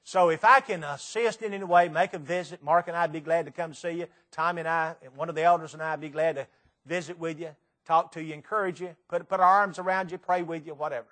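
A man with a Tennessee accent preaching a sermon to a church congregation, animated and full of rhetorical questions. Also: fairly high pitch, fast talker.

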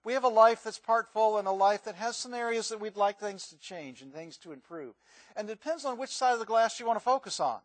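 A man's voice: high voice, brisk, no room sound. A male pastor giving a conversational sermon, asking the congregation questions.

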